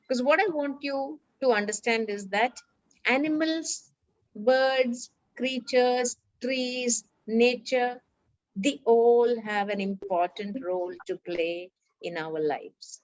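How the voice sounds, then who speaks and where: Woman, Indian English accent, reading aloud to a class, animated storyteller, slightly high voice, dry muffled sound. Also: slow, no room sound. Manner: animated, acts out characters' lines.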